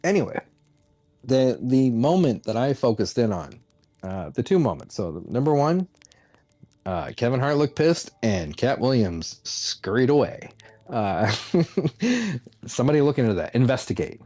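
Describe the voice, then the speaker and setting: Male podcast host, mocking comedic rant, mid pitch, dry close mic. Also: unhurried, no room sound, faint music behind. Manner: animated, mocking, laughs often.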